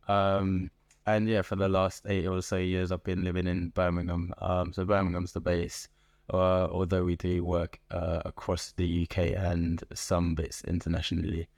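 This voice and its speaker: A middle-aged man with a London accent, a guest in an interview, speaking in a thoughtful, measured way with frequent pauses. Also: sits low, completely flat delivery, a little mellow, no room sound. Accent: London English. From England. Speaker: guest, organization founder. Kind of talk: conversational interview. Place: podcast booth.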